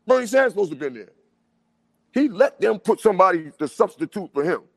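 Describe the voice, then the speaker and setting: A man talks quickly in a casual chat. His voice sits a bit high and is full of emphatic street-style phrasing. The recording is dry and close. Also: gravelly, no echo. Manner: fast, animated street talk, repeats "you know what I'm saying".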